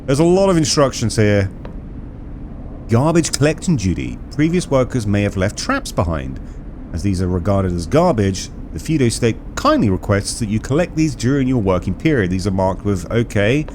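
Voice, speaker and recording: Lively man doing game commentary. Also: fairly low pitch, moderate pace, slight background noise. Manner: jokey, reactive, reading game text aloud. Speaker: let's play gamer.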